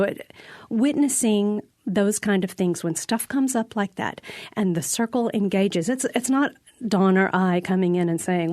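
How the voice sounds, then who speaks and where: A woman guest who runs theater in a prison, talking in a radio interview in an earnest, reflective way, often pausing and restarting. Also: mid-range voice, a little mellow, no echo, clean studio sound.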